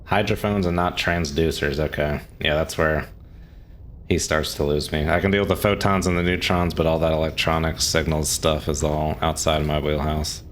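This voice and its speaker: Speaking in a bass voice at normal speed with fairly even intonation, this game streamer keeps up casual live commentary. He responds to chat questions and chuckles frequently, over a slight hiss or hum.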